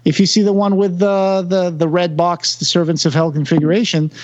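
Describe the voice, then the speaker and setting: A man's voice: high-pitched, flat delivery, a little fast, dull audio. A man co-hosting a podcast in casual chat, talkative and self-deprecating, full of fillers and restarts. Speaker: podcast co-host.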